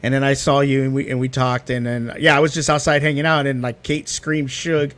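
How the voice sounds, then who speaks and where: A young man chatting as a guest, animated and fond of acting out what people said. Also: mid-range voice, fairly quick. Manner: animated storyteller, acts out quotes. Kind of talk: casual chat.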